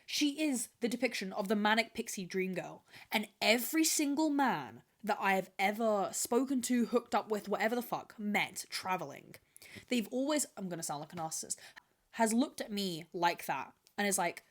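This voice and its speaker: A woman's voice: medium pitch, animated, normal speed, sharp tone. A young woman hosting a podcast, telling stories in a rambling, dramatic, profane monologue to the camera. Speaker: podcast host. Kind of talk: casual storytelling monologue. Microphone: camera with mic, talking to camera.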